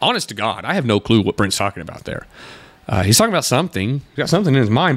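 A male podcast host talks back to a video he is critiquing. He sounds exasperated and sarcastic, and his pitch rises and falls widely as he makes his points. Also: very animated, fast. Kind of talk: commentary responding to a video.

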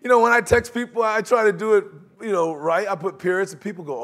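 A man preaching a sermon in a conversational, animated way, acting out quotes and laughing along with his points. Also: high voice, quick pace, hardly any pauses, some chatter behind.

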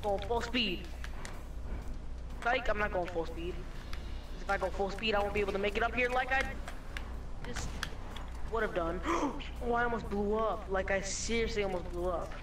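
Excitable gamer on a distant noisy mic. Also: mid-range voice, moderate pace, long pauses, echoey room. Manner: excitable, loud outbursts. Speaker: gamer on voice chat. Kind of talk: casual gaming banter.

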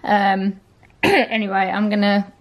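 A woman's voice: medium pitch, level tone, slow pace. A young woman vlogging in a casual chat, tired and sluggish, rambling with lots of ums and likes.

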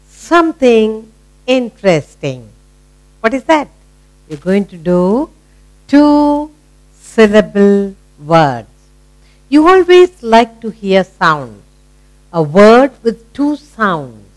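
Slow sing-song Indian teacher woman. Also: medium pitch, sing-song, rough recording. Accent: Indian English. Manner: slow, sing-song, encouraging, repeating words. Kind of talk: children's phonics lesson.

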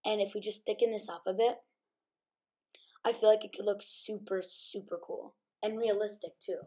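A woman's voice: medium pitch, steady tone, normal speed, warm tone. A woman talks through a building game as a casual YouTuber. She is chatty and loose, padding her sentences with um and like. She sounds a little sleepy, having just woken up. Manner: chatty, many ums and likes. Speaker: gaming YouTuber.

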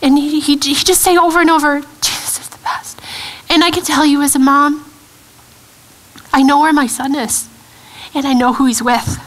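A woman in her thirties shares a personal testimony at a church gathering. Her voice sits a little high, and she talks earnestly, stopping and restarting as she searches for words. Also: steady tone, fairly bright tone, poor audio. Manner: earnest, halting, with frequent restarts and fillers. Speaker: guest speaker. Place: church event hall.

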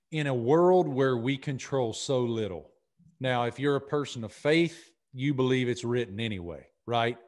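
A middle-aged man with a Southern accent, a guest in a podcast interview, talking in an earnest, energetic way and often repeating himself. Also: mid-range voice. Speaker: podcast guest, sports broadcaster. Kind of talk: casual interview talk.

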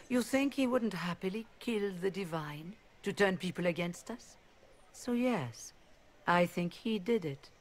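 A woman's voice: fairly low pitch, a little hiss or hum. An actress voicing a proud, middle-aged female leader of rebel mages in a video game, speaking formally and persuasively.

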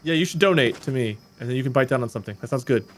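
A man with dry, deadpan humour explaining the rules to friends during a co-op horror game. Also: mid-range voice, racing. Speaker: co-op game player. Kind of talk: casual gaming chat.

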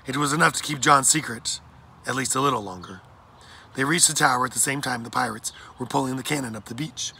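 A man reading a children's adventure story aloud in a plain, steady narration. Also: mid-range voice, fairly quick, creaky, slight background noise. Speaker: audiobook reader.

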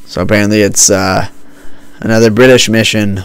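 A man's voice: on the low side, steady tone, moderate pace, smooth. A man hosting a let's-play, giving joking, sarcastic running commentary into a home desk mic with a homemade pop filter. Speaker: gaming channel host. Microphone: home desk mic with a homemade pantyhose pop filter.

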